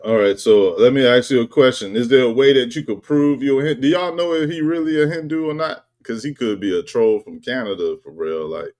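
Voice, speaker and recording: A man's voice: mid-range voice, brisk, few pauses, darkish tone. A male host in casual chat, blunt and joking, with plenty of slang.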